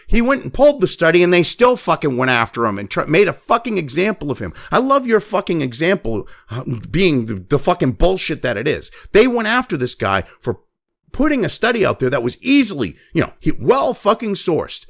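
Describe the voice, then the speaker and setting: Gravelly yet fairly bright, this high male voice swings hugely in pitch and runs a little fast. He's a commentary show host delivering an angry, profane opinion rant full of swearing and mocking asides in quoted voices.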